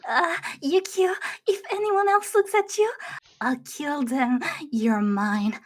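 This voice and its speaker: A woman's voice: high-pitched, slow pace, pitched below the performer's own voice. A woman voicing an obsessive, possessive yandere young woman in voice acting practice takes, built from subtle to creepy. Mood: menacing.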